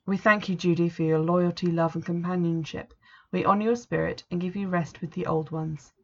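Blunt, chiding old grandmother witch, read by a woman, gravelly, dull lo-fi sound. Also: lowish voice, steady tone, fairly quick. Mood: gentle. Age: older. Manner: stony, chiding. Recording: dull lo-fi recording.

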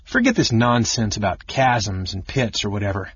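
A man reading an audiobook, voicing a blunt, hot-headed male warrior who speaks loudly and higher than his narration. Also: animated, moderate pace, breathy edge, no echo, lo-fi sound. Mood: exasperated. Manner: loud, blustering, raised.

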